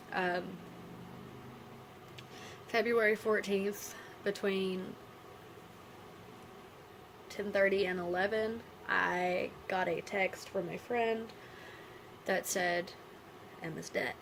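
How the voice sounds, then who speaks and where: Woman vlogger, mid-pitched, subdued and halting, candid storytelling delivery over faint background noise. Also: fairly even intonation, vocal fry, rough recording. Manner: subdued, halting and quiet, with frequent pauses; candid, casual with blunt swearing. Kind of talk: personal storytelling to camera.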